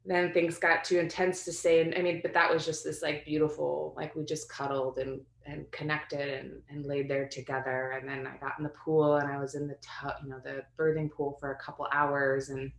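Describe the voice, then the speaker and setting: A woman's voice: low voice, flat delivery, normal speed, creaky, hardly any pauses. A woman in her thirties, telling a personal story as a guest in a conversation, candid and rambling with many fillers and restarts. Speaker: guest sharing a birth story. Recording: roomy echo.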